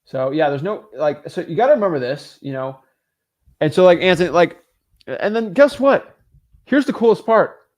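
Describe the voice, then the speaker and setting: Male livestream coach, slightly raised pitch, casual and emphatic, motivational delivery while answering chat. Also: lively intonation, normal speed. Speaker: real estate wholesaling coach.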